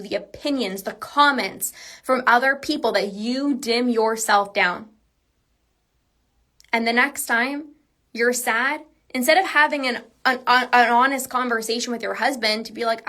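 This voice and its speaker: A woman's voice: fairly high pitch, a little slow, sharp tone. A woman coach talking alone on a podcast, earnest and emphatic, casual with lots of "like"s. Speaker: binge eating coach. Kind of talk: solo podcast monologue.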